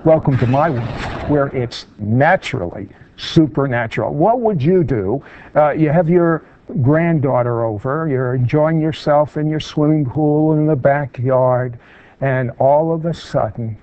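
A man's voice: a little high, unhurried, dry recording, dull audio. A man hosting a TV interview, asking short probing questions. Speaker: host.

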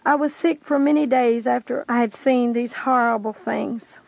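A woman's voice: a little high, fairly even intonation, normal speed, vocal fry, darkish tone, no room sound, poor audio. A woman giving an earnest, pleading testimony, telling her story and urging the listener to believe. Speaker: testimony speaker. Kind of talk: preached testimony narration.

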